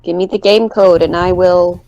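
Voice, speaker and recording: A woman's voice: on the low side, steady tone, moderate pace, mellow, dull audio. A woman chatting on a voice call as she joins an online game with friends, sounding chirpy and a bit puzzled. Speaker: gamer joining a voice call. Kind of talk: casual gaming chat.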